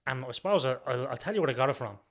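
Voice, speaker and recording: A man's voice: mid-range voice, racing. A man with a Dublin accent, a podcast guest telling stories in casual chat, swearing freely. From Ireland. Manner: swears freely, animated storytelling. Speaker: guest, car sales marketer.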